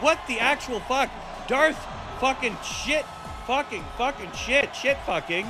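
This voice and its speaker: A man calling a wrestling match on a live stream as play-by-play commentator and streamer, crude, joking and shouty. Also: very high-pitched, lively intonation, a little slow. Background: music.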